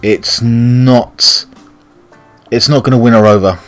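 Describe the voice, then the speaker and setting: A man's voice: medium pitch, fairly even intonation, slow pace, faint music behind. A British man casually commenting on a game playthrough, blunt and chatty, swearing freely. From Britain. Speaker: gaming channel host.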